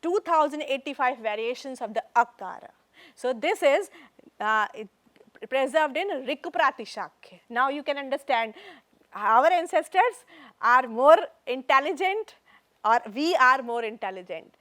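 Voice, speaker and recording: High-voiced Indian woman lecturing. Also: expressive, a little slow, fairly bright tone. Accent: Indian English. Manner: explanatory, counts out recitation patterns, switches into Hindi asides. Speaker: university lecturer. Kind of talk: classroom lecture. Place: classroom.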